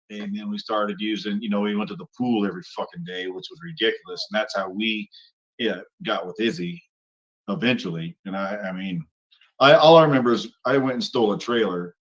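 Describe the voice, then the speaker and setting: A man's voice: fairly low pitch, low-quality recording. A man telling old army stories as a guest, swearing constantly. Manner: profane, animated storyteller. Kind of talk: casual storytelling.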